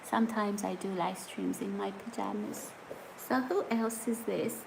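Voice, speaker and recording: A woman chatting on a live stream from home, reading out viewer comments and laughing easily. She talks at an unhurried, drawn-out pace. A faint background hiss sits under her voice. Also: mid-range voice, fairly even intonation, gravelly. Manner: giggly, chatty, often breaks into laughter. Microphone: phone or camera set on a surface.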